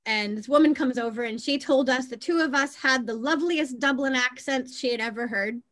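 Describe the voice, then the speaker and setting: Woman, 30s, American accent with Belfast touches, higher voice, chatty storyteller, casual interview. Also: a little fast, fairly bright tone. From Boston, USA. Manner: chatty storyteller, laughs easily. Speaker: interview guest.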